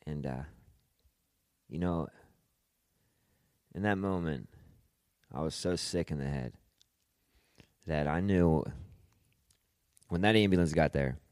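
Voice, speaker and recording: A young man recounts his own hard times as a podcast guest, his voice low and deep. He talks haltingly, doubling back on words and swearing in passing. The sound is close and dry, with no room around it. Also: a little mellow, smooth, no echo. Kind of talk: personal storytelling.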